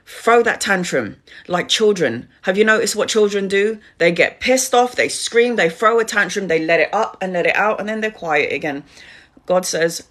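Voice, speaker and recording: A woman's voice: on the low side, fairly bright tone. A middle-aged woman, a tarot reader, giving a spiritual talk on a live stream, speaking straight to her viewers with emphatic repetition.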